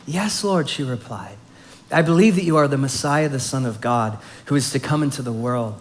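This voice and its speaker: A man teaching a Bible study, reading scripture softly and explaining it in an earnest, conversational way. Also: medium pitch, expressive, normal speed.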